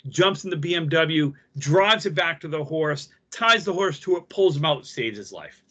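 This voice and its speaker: A man's voice: fairly high pitch, animated, moderate pace, a bit bright. A man co-hosting a casual podcast, telling a long rambling joke and laughing with friends. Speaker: podcast co-host.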